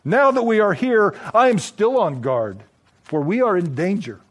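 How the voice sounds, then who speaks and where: A man's voice: sits high, animated, normal speed. A man voicing a firm, protective husband who insists on being heard.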